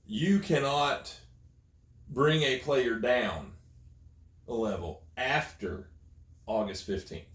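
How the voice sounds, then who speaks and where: A man's voice: mid-range voice, roomy sound. A man co-hosting a podcast, casually explaining his opinions. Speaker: podcast co-host. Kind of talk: casual chat.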